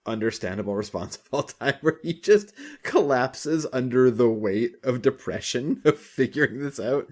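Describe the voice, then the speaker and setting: A young man co-hosting a podcast, chatting casually, swearing often and acting out lines in animated voices. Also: medium pitch, moderate pace, few pauses. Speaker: podcast co-host. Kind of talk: casual chat.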